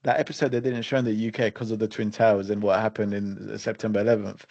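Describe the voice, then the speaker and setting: Mellow-voiced man, dull lo-fi audio. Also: on the low side, flat delivery, fast talker, creaky. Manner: blunt, lots of fillers. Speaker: podcast co-host. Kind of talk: casual chat. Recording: dull lo-fi sound.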